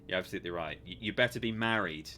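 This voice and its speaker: A man's voice: low-pitched, very fast, sharp tone, slight background noise. A man hosting a live stream, chatting casually and jokily while reading viewer messages aloud. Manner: chatty, jokey, reads chat aloud with mock defensiveness. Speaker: livestream host.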